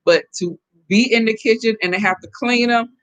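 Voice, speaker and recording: A middle-aged woman from the Southern United States hosting a casual live stream, chatting and reacting to viewer comments in an animated way. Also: a little high, a little fast. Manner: chatty and animated, laughing often. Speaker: host reading viewer comments.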